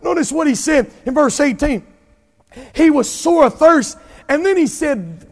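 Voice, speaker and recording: A pastor preaching an impassioned sermon, drawing out emphatic lines and rising to shouts. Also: male voice, very high-pitched, expressive, a little slow, big-room sound.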